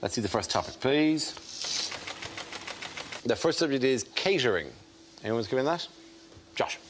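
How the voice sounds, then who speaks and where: A man hosting a comedy panel show, briskly announcing topics and thanking the comics. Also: medium pitch, lively intonation. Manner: brisk, businesslike link announcements. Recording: TV studio with noisy audience. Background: studio audience.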